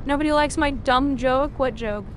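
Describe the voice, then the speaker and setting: A young woman streaming a video game, reacting loudly, cursing and cheering at each moment of play. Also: high voice, normal speed, slight background noise. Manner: excitable, swears a lot, reacts loudly to the game. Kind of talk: live gameplay commentary.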